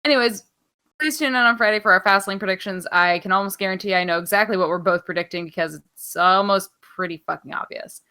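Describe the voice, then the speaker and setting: A woman's voice: medium pitch, fast talker, few pauses, bright, forceful tone, smooth. A young woman co-hosting a wrestling podcast, casual, playful and sarcastic, swearing freely. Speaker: podcast co-host. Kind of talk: casual chat.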